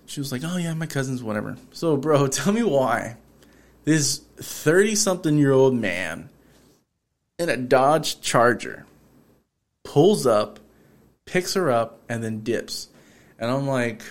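A man's voice: medium pitch, normal speed. A man in his thirties from Texas, hosting a podcast and telling stories in a casual, profane way, acting out the lines he quotes. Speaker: podcast host. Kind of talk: casual storytelling chat.

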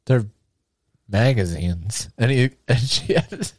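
A man's voice: a little high, expressive, moderate pace, no echo, clean studio sound. A man telling casual, profane travel anecdotes in a podcast chat, acting out the people in his stories.

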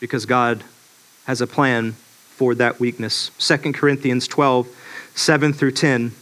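A man preaching a sermon in a relaxed, storytelling way, full of fillers and restarts. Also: mid-range voice, unhurried. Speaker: pastor.

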